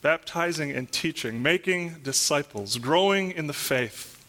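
A man preaching from the pulpit to his congregation, his voice bright and ringing and pitched a little high. He works through earnest rhetorical questions and swells into loud, emphatic peaks when he reads scripture. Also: animated, a little slow. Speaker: pastor. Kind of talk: sermon. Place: church.

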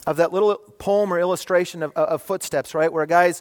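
A man's voice: high voice, steady tone, fairly quick, in a large hall. A middle-aged male pastor preaching a sermon in a conversational way, often asking "right?" and posing rhetorical questions to the congregation.

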